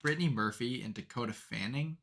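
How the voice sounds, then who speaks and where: A young man with a bright, forward voice chats casually as a podcast co-host. He rambles through his stories, piling on fillers, and grows animated when a story gets going. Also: medium pitch, fairly quick, vocal fry. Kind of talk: casual chat.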